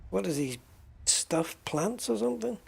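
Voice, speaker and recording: A man's voice: high-pitched, animated, measured pace, creaky, slightly rough. A man chatting casually while streaming a space game, joking and exclaiming at prices. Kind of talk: casual gameplay commentary.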